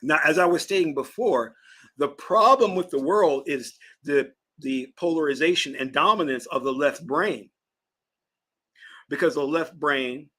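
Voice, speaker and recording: A man from Virginia giving an emphatic, preaching spiritual lecture on a livestream, answering chat and stretching key words slowly. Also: on the high side, bright, forceful tone. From Virginia, US South. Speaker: spiritual teacher and channel host.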